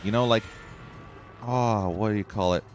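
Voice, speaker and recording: Over a noisy background, this male gameplay streamer speaks at a normal speed in a lowish voice. His live commentary is full of profanity and frustrated ranting aimed at the game.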